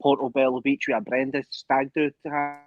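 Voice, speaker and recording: A man's voice: medium pitch, flat delivery, fairly quick, no echo, highs cut off. A man in a casual chat who rambles and keeps tagging his sentences with "right".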